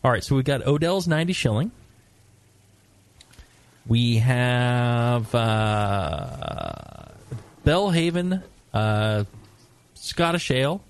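A man's voice: medium pitch, expressive, takes it slowly, long pauses, smooth. A man hosting a casual beer talk show, joking and teasing his guests. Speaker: podcast host.

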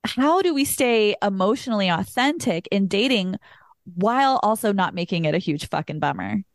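A woman's voice: medium pitch, animated, moderate pace, dry recording, studio quality. A woman hosting a podcast, talking in a frank, candid way with the odd casual swear word. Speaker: podcast host. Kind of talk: casual interview chat.

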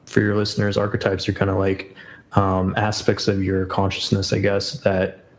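A man's voice: sits low, monotone, normal speed, poor audio. A man as a podcast guest in casual chat, rambling with many fillers and self-corrections.

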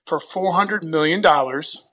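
A man from New Jersey spins a long story in easy, rambling conversation. His voice sits a little high and sounds bright and sharp. He often stumbles over his first words and breaks into laughs. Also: measured pace, slightly rough. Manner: chatty, repeats words when starting sentences, laughs often. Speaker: guest telling a story. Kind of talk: casual storytelling.

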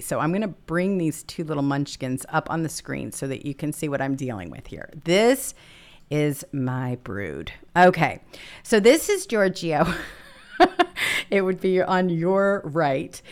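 Low-voiced chatty woman hosting a livestream. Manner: chatty, affectionate, laughs often. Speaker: host of a live political show. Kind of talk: casual livestream chat. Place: Los Angeles home.

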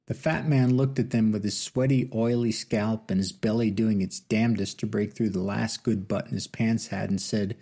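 A man narrating an audiobook novel with steady, measured storytelling. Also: fairly low pitch, vocal fry. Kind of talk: scripted narration.

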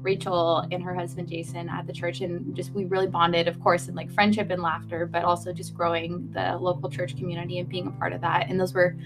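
A woman's voice: fairly low pitch, flat delivery, a little fast, hardly any pauses, music in the background. A young adult woman co-hosting a podcast in casual chat, effusive and heartfelt, with lots of fillers. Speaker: podcast co-host.

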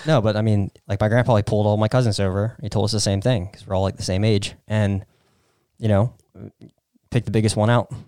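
Fast-talking dark-voiced man. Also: on the low side, fairly even intonation, clean tone, no room sound, clean studio sound. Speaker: co-host, husband. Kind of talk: casual chat.

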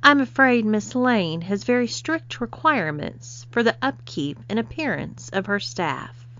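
A woman's voice: on the high side, very animated, measured pace, a bit bright, exaggerated voice. A woman reading a story, voicing a cool, professional young female assistant who speaks matter-of-factly. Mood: dry. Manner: dry, matter-of-fact. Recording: slightly dull lo-fi recording.

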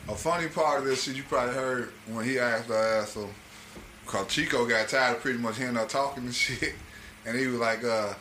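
A man's voice: medium pitch, a little fast, pushed and bright, reverberant, slight background noise. A man on a casual podcast, telling stories with energy and acting out the people he quotes. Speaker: podcast co-host.

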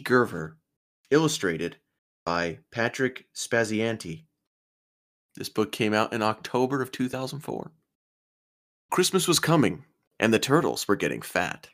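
A man reads a children's picture book aloud, putting on the characters by raising his voice for their lines. His pitch swings widely, and he sits a little back from the mic. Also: measured pace, pauses often. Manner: lively storybook reading, pitches up for character lines. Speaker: podcast co-host. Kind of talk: dramatic reading of a children's book.

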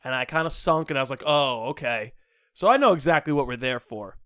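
A young man hosting a podcast, telling a story in casual chat with animated, expressive delivery. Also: medium pitch, brisk, clear, resonant tone, no echo, clean studio sound. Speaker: podcast host.

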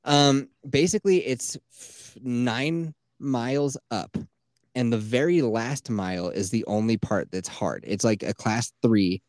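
A man's voice: mid-range voice, a little slow, no room sound, clean studio sound. A young man hosting a podcast, telling stories in casual chat, swearing and laughing as he goes. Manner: swearing, animated storytelling with laughs. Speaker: podcast host.

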